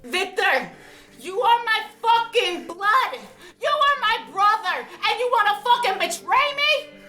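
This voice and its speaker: A woman's voice: very high-pitched, animated, unhurried, echoey room. A woman playing a vengeful sister who curses and screams threats at her brother. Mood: bitter, betrayed.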